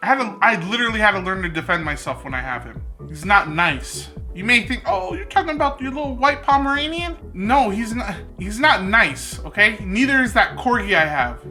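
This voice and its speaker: A woman's voice: mid-range voice, animated, moderate pace, hardly any pauses, bright, forceful tone, soft background music. A woman hosting a reaction video in casual, joking commentary, sarcastic and lecturing by turns.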